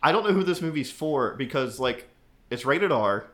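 A man's voice: medium pitch, expressive, normal speed, fairly bright tone. A man co-hosting a podcast, recapping a film in an easygoing way and chuckling often. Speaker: podcast co-host. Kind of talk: casual podcast chat.

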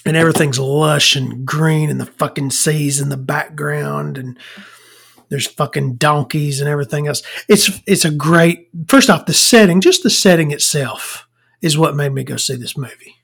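A woman's voice: low voice, normal speed, vocal fry, breathy edge. A woman hosts her podcast in a loose, rambling monologue. She swears freely and stumbles over words as she goes. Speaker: podcast host.

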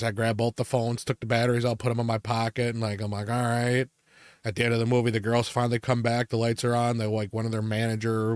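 In clean studio audio with no room sound, a young adult man with a lowish voice chats casually as a podcast co-host. He rants through rambling stories packed with swearing and filler words.

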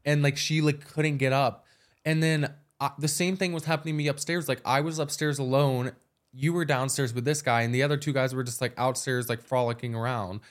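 A man's voice: medium pitch, steady tone, brisk. A young man co-hosting a podcast. He tells stories casually and fills them with "like" as he goes. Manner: storytelling, fillers of "like" throughout. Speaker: podcast co-host. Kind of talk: casual chat.

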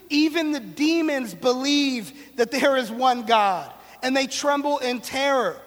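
A man's voice: extremely high pitch, lively intonation, a little slow, in a large hall. A man preaching a casual, conversational sermon in a slangy, playful way, with sarcastic asides.

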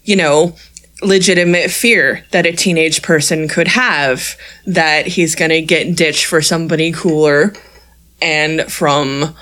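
A woman's voice: deep voice, steady tone, unhurried, a bit bright. A woman co-hosting a casual TV recap podcast, with a dry, teasing manner. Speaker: podcast co-host.

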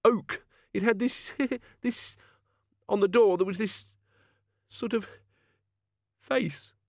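A man's voice: high voice, takes it slowly, gravelly, no echo, clean studio sound, pitched above the performer's own voice, full character voice. A man voicing a frightened male thug who stammers and quavers with dread. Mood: haunted. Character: terrified jittery male thug haunted by a childhood fear.

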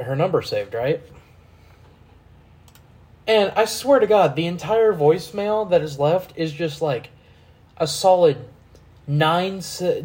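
A man hosting a casual podcast, telling stories in a profane, animated way. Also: on the high side. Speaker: podcast host.

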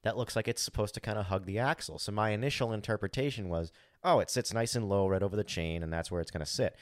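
Man, podcast co-host, casual storytelling, lowish voice, dry close sound, swears, acts out his thoughts. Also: fast talker, no room sound. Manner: animated, acts out his own inner thoughts, swears freely; frequent "like" fillers.

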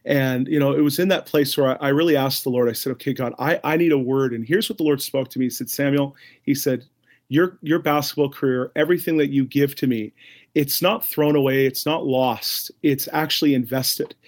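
A man's voice: medium pitch, fairly quick. A young man from Canada speaks as a guest on a podcast, telling personal stories earnestly. He talks casually with frequent ums and restarts, in a mid-range voice. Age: young adult. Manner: warm-hearted, earnest storyteller with many fillers. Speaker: guest, ministry leader. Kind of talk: casual interview storytelling.

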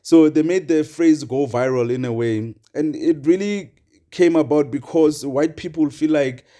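A man's voice: fairly high pitch, a little slow, mellow. A young man hosting a solo podcast, talking casually and rambling with many fillers and chuckles. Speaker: podcast host.

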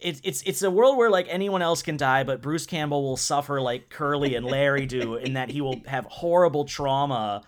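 A man co-hosting a podcast, talking casually about a film in quick, animated bursts and repeating words as he gets going. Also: mid-range voice. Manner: animated, fast, repeats words when excited. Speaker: podcast co-host. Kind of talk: casual movie discussion.

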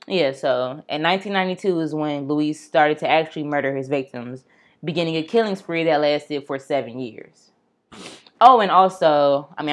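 Young female podcast host with a low voice; casual, blunt true-crime storytelling with asides to listeners.

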